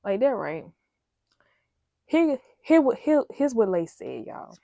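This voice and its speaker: A woman's voice: a little high, big pitch swings, slow, creaky, pauses often, mellow, no echo. A woman in her thirties telling a work story in a candid, rambling, emphatic way, talking straight to her viewers. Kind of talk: casual storytime chat.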